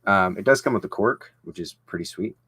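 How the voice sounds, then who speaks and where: A man's voice: low-pitched, fairly quick, sharp tone, breathy edge, no echo. A young man chatting casually as he unboxes and tastes a whisky, rambling with lots of fillers and restarts. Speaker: vlogger reviewing whisky.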